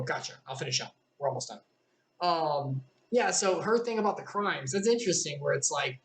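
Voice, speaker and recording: A woman streamer chatting casually between readings, wandering into tangents and apologizing for them. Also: low-pitched. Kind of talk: casual chat and reading aloud.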